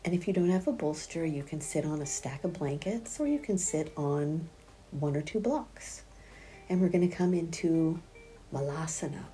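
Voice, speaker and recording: A middle-aged woman teaching a prenatal yoga class, speaking gently and softly, often half-whispered, and counting breaths aloud. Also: deep voice, normal speed, soft background music. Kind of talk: guided yoga class instruction.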